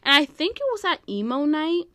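A young woman hosts her own podcast in a loose, rambling chat, giggling and dropping fillers as she goes. Her voice sits fairly high, and the sound is dry and close with no room around it. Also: big pitch swings, a little fast, pushed and bright, no echo. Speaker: podcast host. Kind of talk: casual solo podcast chat.

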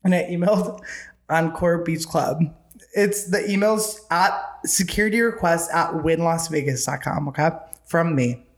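A man's voice: fairly high pitch, normal speed. A young man hosting a podcast, telling a story in casual chat, camp and profane, laughing often. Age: young adult. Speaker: podcast host. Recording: roomy echo.

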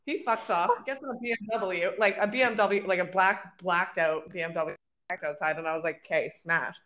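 A woman's voice: lowish voice, moderate pace, a bit bright. Frank Canadian woman telling stories. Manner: frank, profane storytelling. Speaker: podcast co-host. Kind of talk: casual chat.

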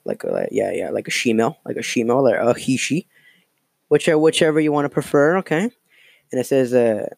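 Gravelly profane man ranting on his podcast. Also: medium pitch, darkish tone, dry recording. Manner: profane, mocking, rambling with many fillers. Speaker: podcast host. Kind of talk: casual solo podcast rant.

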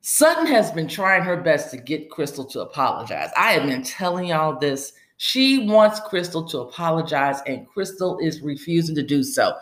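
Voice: medium pitch, very animated, moderate pace, few pauses, a bit bright. A podcast host giving a casual, rambling recap of a TV episode. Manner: chatty, rambling storyteller. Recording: roomy, echoey room.

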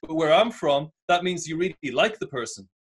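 A man with a softened Northern English accent talks in a loose, boisterous way, swearing as he goes. His voice sits a little high for a man. It is a relaxed podcast chat. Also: a little fast, husky. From England, near Newcastle. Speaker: podcast guest. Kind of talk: casual chat.

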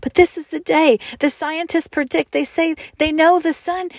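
A woman voicing a frail, quiet young girl in a soft, high, pleading voice. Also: steady tone, moderate pace, creaky, no room sound, studio quality.

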